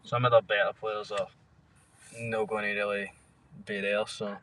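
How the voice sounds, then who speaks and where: Laid-back Scottish lad, off-mic. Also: male voice, fairly low pitch, flat delivery, moderate pace, a bit bright, a little hiss or hum. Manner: laid-back, agreeable, short replies. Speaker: podcast co-host. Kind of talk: casual football chat. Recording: distant from the mic.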